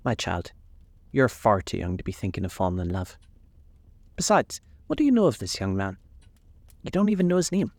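A faded actress of a mother frets with showy self-pity, as a man puts her on. The speech is fussy and theatrical, pitched a little above his natural voice. It is recorded close and dry. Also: big pitch swings, moderate pace, long pauses, a little mellow, no room sound. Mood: fretful.

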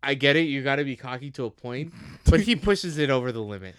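A man's voice: medium pitch, expressive, fast talker, fairly bright tone, clear, resonant tone, dry recording. A young American man co-hosting a podcast, ranting heatedly and swearing constantly. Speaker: podcast co-host. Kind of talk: casual profane rant.

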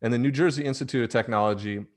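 A man's voice: mid-range voice, very fast. Rambling man hosting a podcast. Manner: rambling, fillers, laughs often. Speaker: podcast host. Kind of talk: casual sports chat.

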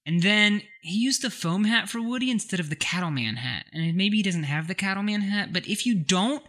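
Male co-host, bright and lively, casual storyteller with frequent laughs. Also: on the high side. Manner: laughs often, animated storyteller. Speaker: podcast co-host. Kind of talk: casual chat.

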